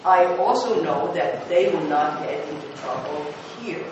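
Heard from far off in an echoey hall, a man with a fairly high voice shares stories with an audience in a lo-fi, noisy recording. He's a former TV news producer, and his animated storytelling halts often with fillers and restarts.

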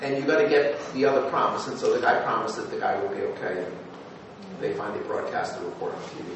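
A man, a former TV news producer, telling anecdotes to an audience, lively and halting with fillers and restarts. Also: on the low side. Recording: echoey hall, voice from far off with noise.

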